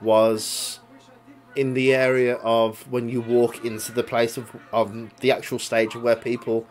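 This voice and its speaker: A man's voice: medium pitch, little pitch movement, a little slow. A young man tells a story in casual chat, swearing a lot and laughing along as he goes. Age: young adult. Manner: swears a lot, recounts a grudge; laughs while telling the story.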